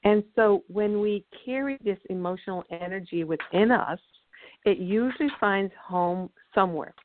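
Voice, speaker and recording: A woman guest speaker with a mid-range voice, talking at normal speed, earnestly explains ideas and tells a story like a teacher, acting out the quotes. The sound comes through a tinny, dry phone line.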